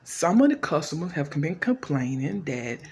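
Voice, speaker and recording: Lady putting on a low quiet manager guy, blunt, no fuss. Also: very animated, normal speed. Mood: matter-of-fact. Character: calm, plain-spoken male restaurant manager.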